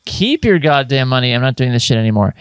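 A man's voice: medium pitch, sing-song, quick pace, clear, resonant tone, no echo. A man co-hosting a comedy show, dramatically reading out chatbot lines and often breaking into laughter. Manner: reads chatbot text aloud, breaking into laughter. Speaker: podcast co-host reading chatbot replies.

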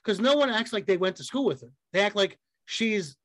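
A man with a fairly high voice co-hosts a casual podcast chat, recorded dry and close on the mic. He swears freely and tells animated stories, acting out the people in them. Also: brisk, no echo. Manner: profane, animated storytelling with acted quotes. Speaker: podcast co-host.

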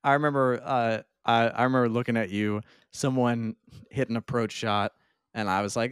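A male podcast host asks questions in a loose, halting way, laughing often as he talks. His mid-pitched voice is close to the mic and sounds dry. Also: expressive, a bit bright, clear, resonant tone, no room sound. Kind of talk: casual podcast interview.

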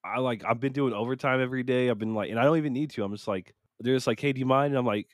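A man's voice: medium pitch, very fast, no room sound, clean studio sound. A man, co-hosting a podcast in casual chat, rambling and poking fun at himself. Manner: rambling, self-mocking, acts out what he told himself. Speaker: podcast co-host.

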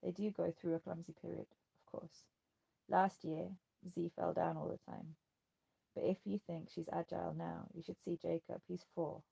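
A curt, weary man in an audiobook, read by a narrator. His words come out gravelly and husky, dark in tone. He speaks bluntly, as if guarding the children around him. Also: a little high, flat delivery, normal speed, lo-fi sound, full character voice. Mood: easygoing. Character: tense, weary grown man, protective of the children.

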